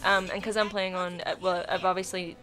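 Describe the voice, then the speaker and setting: A woman's voice: on the low side, flat delivery, brisk. A woman game reviewer chatting casually, filling her talk with "like" and "um". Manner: chatty, lots of "like" and "um". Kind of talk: casual chat.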